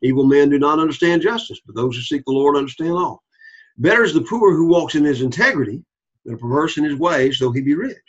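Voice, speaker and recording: Bible teacher, man, husky voice, repeats points, asks "all right?", dull lo-fi recording. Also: a little high, animated, fast. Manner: repeats key points, checks in with the class. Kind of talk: Bible study lecture.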